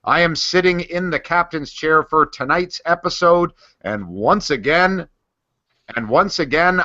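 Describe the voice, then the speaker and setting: A man hosting a casual podcast, playful and bantering, with a bright, ringing tone and a lively up-and-down delivery. The sound is dry and a little dull. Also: fairly high pitch, measured pace, no room sound. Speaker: podcast host. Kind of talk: casual chat.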